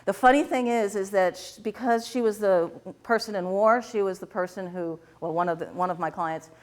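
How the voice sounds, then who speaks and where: A woman teaching a tapping workshop, telling client stories to a live class, laughing often and acting out the dialogue in lively voices. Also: mid-range voice, normal speed.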